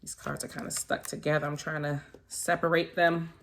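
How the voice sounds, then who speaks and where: A woman's voice: low-pitched, little pitch movement, normal speed, slight background noise. Gushing woman in a casual tarot vlog. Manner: gushing and effusive, with soft exclamations; talks directly to viewers, calling them guys and baby. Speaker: tarot reader and spiritual vlogger.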